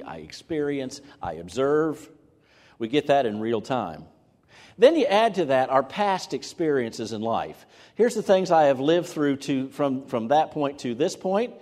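A man preaching a sermon as a pastor, animated, acting out quoted voices with sudden jumps in pitch. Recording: long reverb of a large hall.

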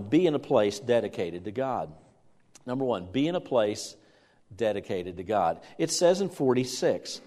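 A man's voice: mid-range voice, darkish tone. Middle-aged guy preaching, chatty, does little voices, church hall echo ringing out. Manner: conversational preaching, acting out parents' voices, frequent restarts. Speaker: pastor. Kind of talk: sermon. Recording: long reverb of a church hall.

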